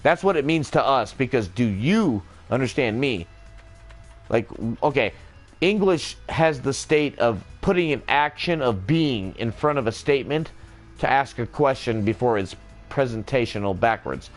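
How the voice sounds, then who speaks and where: A man's voice: mid-range voice, animated, a little slow, soft background music. A man in a rambling, joking casual monologue, swearing freely as he goes.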